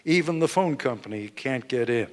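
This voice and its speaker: A man, an author being interviewed at a live book event, explaining points in a measured, emphatic way. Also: medium pitch, animated, slight background noise. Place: event hall with live audience. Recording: long hall reverb.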